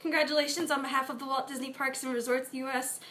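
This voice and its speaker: A woman's voice: high voice, little pitch movement, fast, fairly bright tone. A woman in her twenties vlogging casually in her bedroom, rambling with lots of fillers. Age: 20s. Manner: chatty, rambling, filler-heavy. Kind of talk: casual confessional vlog.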